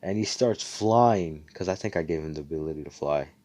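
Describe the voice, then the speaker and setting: A man's voice: rumbling low, brisk, warm tone. A man casually retelling a fan story, rambling and swearing with lots of fillers.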